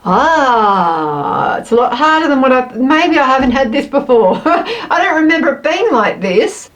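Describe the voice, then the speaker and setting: A woman's voice: high voice, big pitch swings, unhurried, lo-fi sound. A woman casually reviewing snacks on camera, chatty and self-mocking, thinking aloud as she eats. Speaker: snack taste-test vlogger.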